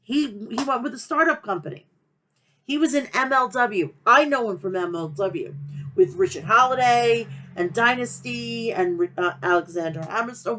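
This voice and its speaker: A woman's voice: mid-range voice, fairly bright tone. A woman with a nasal Long Island New York accent hosting a wrestling podcast, talking in a profane, passionate, rambling rant. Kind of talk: casual rant.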